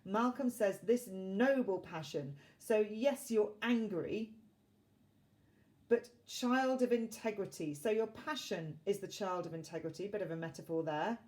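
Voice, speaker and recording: Woman teacher, mellow voice, dry measured lesson on a play. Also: mid-range voice. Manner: plain, measured, lightly dry delivery with fillers. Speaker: English literature teacher. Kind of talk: explaining a play line by line.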